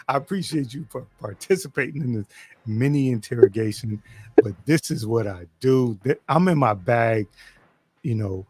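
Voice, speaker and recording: A man's voice: medium pitch, lively intonation, moderate pace, darkish tone, breathy edge, no room sound. A middle-aged man hosting a casual live-stream interview, playful and teasing, laughing often as he presses his guest. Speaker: host.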